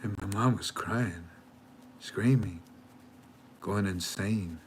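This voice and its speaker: Older male host, low voice, halting heartfelt storyteller who ends on a blessing. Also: a little hiss or hum. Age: 70s. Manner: halting, repeats words while searching for them. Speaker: channel host. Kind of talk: heartfelt storytelling with a religious close.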